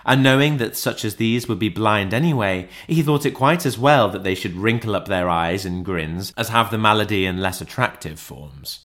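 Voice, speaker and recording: A man narrating a classic audiobook in an expressive, theatrical way. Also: lowish voice, normal speed, few pauses.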